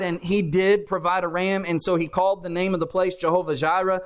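A man's voice: high-pitched, normal speed. A man preaching a sermon, reading scripture aloud and explaining it with earnest emphasis.

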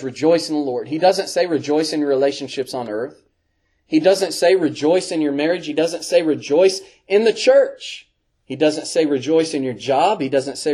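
Mellow-voiced man preaching a sermon. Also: on the high side. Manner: earnest, emphatic repetition with slow stressed phrases.

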